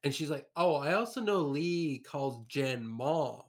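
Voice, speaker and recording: A man's voice: fairly high pitch, lively intonation, measured pace. Blunt, profane man in his late twenties. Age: late 20s. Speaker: podcast host. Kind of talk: casual podcast chat.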